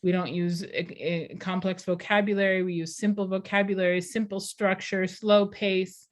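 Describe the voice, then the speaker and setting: A woman's voice: mid-range voice, level tone, normal speed. Woman teacher chatting through a class. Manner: conversational, explanatory. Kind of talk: casual class discussion.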